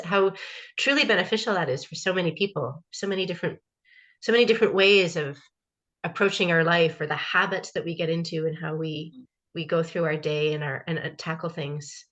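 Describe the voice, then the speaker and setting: A woman's voice: lowish voice, moderate pace, a bit bright. Affirming woman co-host on a call. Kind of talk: casual conversation on a call.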